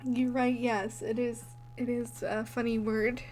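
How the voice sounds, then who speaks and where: Young woman, podcast co-host, slow-paced, giggly, meandering. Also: fairly high pitch, flat delivery, darkish tone, a little hiss or hum. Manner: giggly, easily amused, meandering stories. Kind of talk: casual chat.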